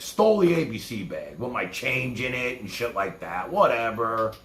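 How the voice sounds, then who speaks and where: New york guy rambling thru a wild story, lots of swearing, pitch jumping all over, echoey room. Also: very animated, normal speed, a bit bright. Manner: profane, rambling anecdotal. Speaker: streamer. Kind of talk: casual storytelling.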